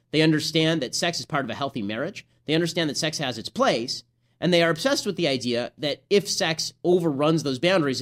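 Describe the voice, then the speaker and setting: A young man hosting a podcast, delivering a sarcastic, rapid-fire political commentary monologue. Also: on the high side, a bit bright. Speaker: podcast host.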